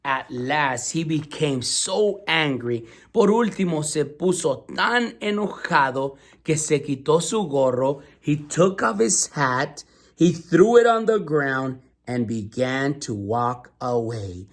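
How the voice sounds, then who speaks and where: Male storyteller, slightly high voice, teacherly read-aloud with questions to kids. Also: expressive, slow pace. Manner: asks listeners questions, patient and teacherly.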